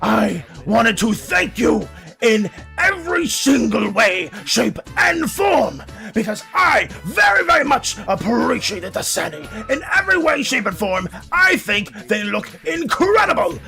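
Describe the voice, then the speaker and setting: A woman's voice: on the high side, big pitch swings, a little slow, gravelly, sharp tone, faint music behind, exaggerated voice. A woman voicing a formal, gushing slime creature with a theatrical, pompous manner. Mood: grandly grateful.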